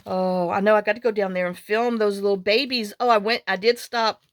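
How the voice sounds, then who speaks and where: A woman's voice: medium pitch, fairly even intonation, brisk, no room sound. A woman vlogger chatting casually while making a journal, rambling through stories and muttering to herself as she works. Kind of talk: casual chat while crafting.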